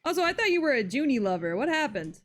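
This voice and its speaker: A woman's voice: sits high, big pitch swings, fast talker. A young woman streaming a farming game, chatting casually, swearing freely and singing to herself. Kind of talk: casual gameplay commentary.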